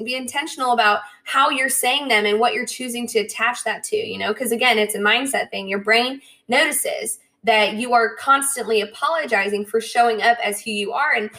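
A young woman hosting a podcast, talking casually and directly to her listeners with lots of "like" and "right?" and quick acted-out asides. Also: fairly high pitch. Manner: chatty, frequent "like" and "right?", animated quoted asides. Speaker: podcast host.

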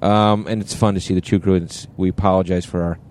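A man's voice: low voice, little pitch movement, fast talker, a little mellow, slight background noise. A middle-aged man co-hosting a podcast, chatting casually and rambling with restarts while riding in a car on a road trip. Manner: rambling, self-interrupting. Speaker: podcast co-host. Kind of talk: casual chat.

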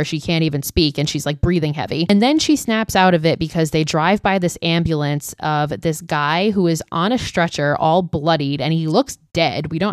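A woman's voice: low-pitched, smooth, dry recording, studio quality. A young woman hosting a podcast, recapping a film in a loose, chatty way with lots of filler words and casual swearing. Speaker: podcast host.

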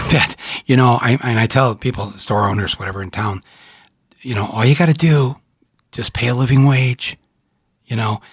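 A middle-aged man from Michigan hosting a conversation, rambling and animated, with frequent restarts and laughs. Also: medium pitch, normal speed, no echo, clean studio sound. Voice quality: husky. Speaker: host. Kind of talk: casual conversation.

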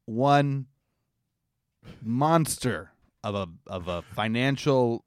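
A man bantering on a podcast in a basement studio, full of quick jokes and interjections. His pitch swings widely. The recording is close and dry. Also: animated, clear, resonant tone, dry recording. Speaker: podcast co-host. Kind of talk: casual banter. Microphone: large studio microphone.

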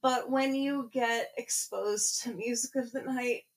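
A woman co-hosts a podcast and reacts to an audiobook in a casual, joking way. She talks quickly and with lots of energy. She often swears and lets her sentences tumble out. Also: a little high, fairly even intonation. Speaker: podcast co-host.

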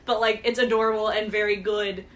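A woman co-hosting a podcast, chatting about a movie in a casual, animated way and swearing often. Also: mid-range voice, brisk. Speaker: podcast co-host. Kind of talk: casual movie recap chat.

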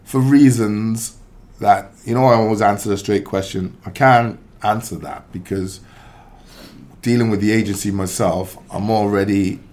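A man with a fairly low voice talks through the game as a pundit on a sports radio show. He is emphatic and animated, often cutting in to make his point. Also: normal speed. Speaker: football pundit, former striker. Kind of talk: casual sports radio chat.

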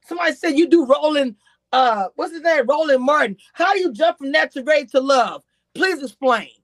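A woman giving chatty, animated reality-TV commentary on a livestream, talking straight to her chat. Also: high voice, moderate pace, no room sound. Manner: grows exasperated and incredulous. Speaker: YouTube commentator.

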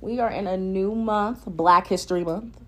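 A woman's voice: medium pitch, moderate pace. A young woman hosting her own podcast, chatting casually and candidly, swearing freely and laughing often. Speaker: podcast host. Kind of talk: casual solo podcast chat.

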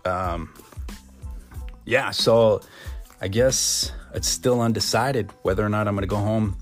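A man's voice: on the low side, fairly even intonation, a little slow, soft background music. A middle-aged man from Montana telling a rambling story casually, full of fillers and restarts.

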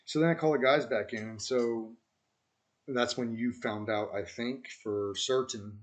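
A man in his thirties hosting an interview, telling a story in a reflective, halting way with many fillers. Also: mid-range voice, steady tone. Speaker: podcast host, former Marine squad leader. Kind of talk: conversational interview.

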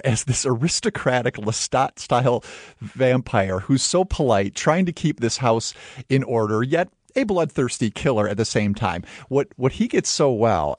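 A man's voice: mid-range voice, a little mellow, dry recording. Male film critic, casual chat, laughs a lot, middle-aged, dry close sound. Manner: enthusiastic, laughs often.

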